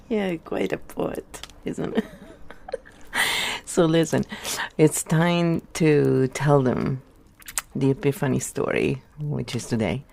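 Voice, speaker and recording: A woman chats casually on a stream, joking and laughing often. She speaks slowly in a gravelly voice. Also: deep voice, mellow, a little hiss or hum. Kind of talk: casual chat.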